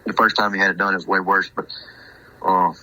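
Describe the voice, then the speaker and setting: Deep-voiced rambling storyteller. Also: male voice, little pitch movement, fairly quick, bright, forceful tone, no echo, low-quality recording. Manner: rambling, repeats and restarts himself. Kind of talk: casual storytelling.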